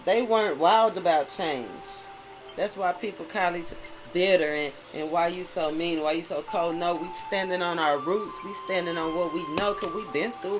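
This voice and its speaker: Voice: medium pitch, moderate pace, poor audio. A tarot reader giving a spiritual monologue. The reader mixes passages read aloud with heartfelt commentary and keeps asking "right?". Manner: preachy, often asks "right?". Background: music.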